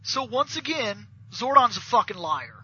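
A man's voice: very high voice, big pitch swings, measured pace, sharp tone, a little hiss or hum. A man ranting profanely and animatedly in a casual podcast chat, acting out scenes as he goes. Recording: dull lo-fi audio.

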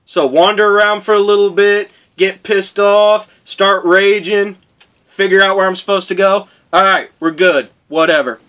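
Man, high voice, bright tone, crude exasperated storytelling, casual chat. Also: steady tone, moderate pace, clean tone. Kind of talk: casual profane gaming rant.

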